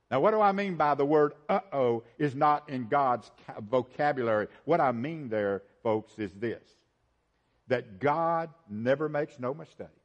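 A man preaching a sermon, repeating phrases for emphasis and swinging between loud, high emphasis and low, quiet asides. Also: lo-fi sound. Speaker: pastor.

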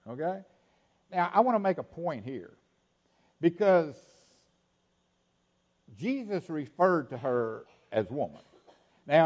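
A man preaching a sermon, repeating phrases and dropping to a hush for quoted lines. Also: on the high side. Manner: animated preaching, swings between loud emphasis and hushed quoted lines, repeats phrases. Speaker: pastor.

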